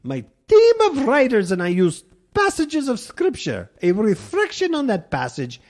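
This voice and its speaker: Guy doing a jokey irish preacher voice, high and pompous, churchy. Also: huge pitch swings, measured pace, a little mellow, full character voice. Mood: pious. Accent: mock Irish. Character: Irish male minister, pompous and pious.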